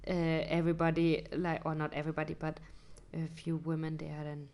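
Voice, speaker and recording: A woman talking through her personal experience in a reflective vlog, hesitant and searching for words, sometimes dropping to a soft whisper. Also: low voice, completely flat delivery, fairly quick. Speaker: vlogger.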